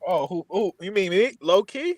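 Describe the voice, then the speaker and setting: Caller on an iPad, higher man's voice, dry sound, relaxed slang. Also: moderate pace, no room sound. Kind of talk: casual chat.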